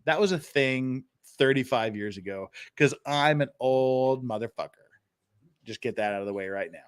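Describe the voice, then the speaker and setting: A man's voice: medium pitch, normal speed, clear, resonant tone. A man in his fifties hosting a casual reaction livestream, profane and digressive, often laughing at his own jokes. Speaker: host reacting to interrogation footage.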